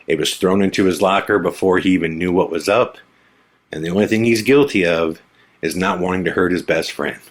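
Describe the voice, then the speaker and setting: A man with a husky, low-pitched voice tells a story from his past on his podcast. He acts out the lines of the people in it, dropping to a hushed tone for some of them. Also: fairly quick. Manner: animated, acts out quotes in a hushed voice. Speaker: podcast host. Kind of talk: storytelling monologue.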